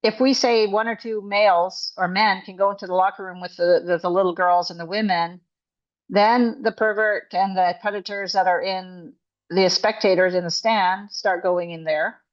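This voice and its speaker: A woman's voice: medium pitch, steady tone, normal speed, lo-fi sound. A woman coach and author speaking as an interview guest, emphatic and indignant, often restarting her sentences. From Canada.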